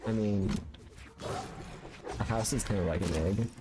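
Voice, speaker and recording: A man's voice: on the low side, unhurried, background noise. Rambling man streaming a game. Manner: rambling, playful, filler-heavy. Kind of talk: casual gaming commentary. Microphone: studio condenser mic.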